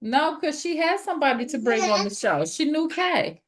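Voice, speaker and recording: Brief: woman podcast co-host, slightly high voice, lively slangy recap talk. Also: normal speed. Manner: animated, slangy, recounts scenes with voiced quotes. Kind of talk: casual chat reviewing a reality show.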